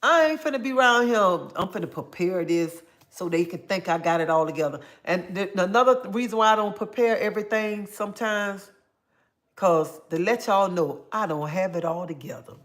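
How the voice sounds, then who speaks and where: A woman's voice: medium pitch, lively intonation, normal speed. Brief: middle-aged woman, livestream host, emphatic and repetitive, calls everyone honey. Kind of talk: casual livestream chat answering viewers.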